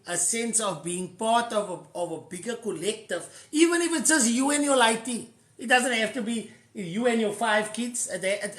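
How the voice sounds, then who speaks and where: A man's voice: very high voice, a bit bright, roomy sound. A man with a South African accent hosting a live stream, giving earnest, casual advice and slipping into Afrikaans phrases.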